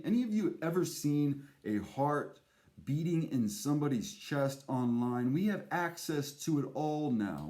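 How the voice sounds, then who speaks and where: A man's voice: medium pitch, warm tone. A man hosting his own show in a rambling, theatrical monologue, swearing often and jumping from thought to thought. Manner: profane, erratic, theatrical. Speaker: host.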